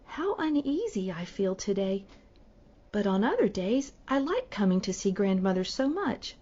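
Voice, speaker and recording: A woman voicing an innocent, cheerful young girl in a storybook, speaking slowly and earnestly. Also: mid-range voice, very animated, dark tone, highs cut off. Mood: uneasy.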